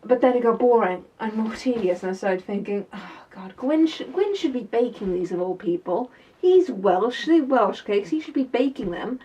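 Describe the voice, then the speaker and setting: A woman playing a sassy woman mechanic in a character video diary, chatty and quick to get heated. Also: a little high, animated, warm tone, husky, far from the mic, muffled recording. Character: tough woman mechanic, sassy and fed up with stereotypes.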